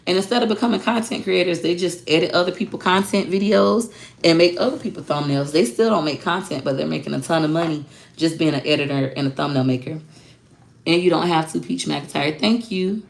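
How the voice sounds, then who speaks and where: A woman's voice: lowish voice, fairly quick, creaky. A woman who teaches online social media classes, speaking bluntly and animatedly in a casual livestream talk. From Florida.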